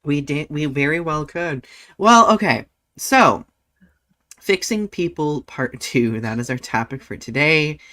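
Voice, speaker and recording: A man's voice: fairly high pitch, expressive, unhurried, pushed and bright. A man hosting a casual talk show, speaking animatedly, laughing easily and peppering his speech with "like.". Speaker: podcast host. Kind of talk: casual chat.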